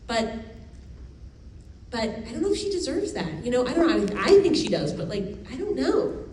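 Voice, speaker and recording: A woman's voice: high voice, big pitch swings, normal speed, a little mellow, a little hiss or hum. A woman in her thirties, an actor answering fan questions on a convention panel in a chatty, laughing way with many restarts. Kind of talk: casual panel Q&A. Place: convention hall. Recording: roomy hall audio from a far mic with faint ambience.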